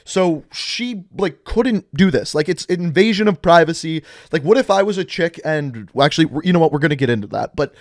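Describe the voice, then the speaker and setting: A man's voice: on the high side, lively intonation, fairly quick, hardly any pauses, dry recording, studio quality. Chatty young man telling a story. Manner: rambling, chatty, lots of "like". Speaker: vlogger. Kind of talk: casual storytime narration.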